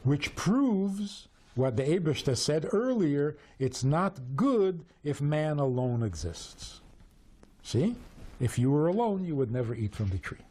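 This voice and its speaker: A man teaching Torah through storytelling, animated and full of rhetorical questions. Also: a little high, a little slow. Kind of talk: storytelling lesson.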